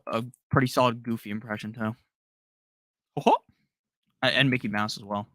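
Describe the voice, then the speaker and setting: A man hosting a casual live Q&A, rattling through viewer questions with short, offhand answers and loose slang. His voice has a gravelly edge over a bright, forward tone, and it sounds dry, with no room around it. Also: medium pitch, no echo. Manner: rapid-fire, offhand answers with slang and the odd curse. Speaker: fantasy football live-stream host.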